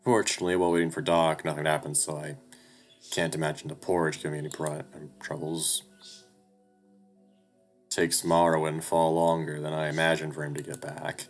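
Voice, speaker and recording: Deep-voiced young man narrating a game. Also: flat delivery, brisk, faint music behind. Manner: casual, rambling, swears. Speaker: game streamer. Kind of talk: narrating a visual novel playthrough.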